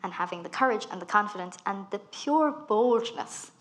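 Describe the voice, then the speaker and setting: Lively Irish woman telling stories onstage. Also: mid-range voice, moderate pace. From Ireland. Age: 30s. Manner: animated storytelling, acts out quoted lines. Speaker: guest speaker. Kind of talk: live onstage conversation. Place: festival talk stage.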